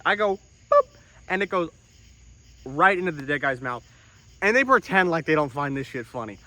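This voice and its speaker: Bright-voiced man telling a comic story. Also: high-pitched. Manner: deadpan self-important, swearing, bursts of outrage. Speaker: comedic storyteller in character. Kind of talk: comedic monologue.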